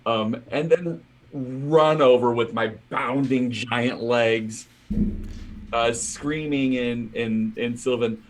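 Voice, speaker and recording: A man's voice: medium pitch, steady tone, slow pace. A man playing his character in a tabletop game, talking hesitantly with many fillers. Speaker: player.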